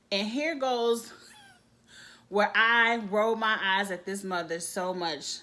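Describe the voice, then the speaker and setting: A woman's voice: mid-range voice, animated, slow pace, sharp tone. A woman, giving a casual, opinionated recap of a reality show and acting out the people she quotes. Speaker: TV show reviewer.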